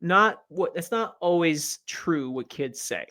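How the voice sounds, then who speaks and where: A man's voice: fairly high pitch, animated, slow, pushed and bright. A man co-hosting a live podcast, chatting casually in a playful, teasing way and laughing often. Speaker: podcast co-host.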